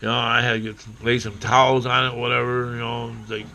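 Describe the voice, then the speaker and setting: A man telling a rambling, profane personal story, acting out quotes and breaking into shouting. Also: medium pitch, little pitch movement, a little fast, vocal fry, slight background noise.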